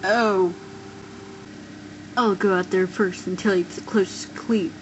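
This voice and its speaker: Woman doing all the lego voices herself, slow playful delivery, bit of noise behind. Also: mid-range voice, fairly even intonation, dull audio. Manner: playful, voices many toy figures in turn. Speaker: amateur stop-motion voice performer. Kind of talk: kid-style toy play acting.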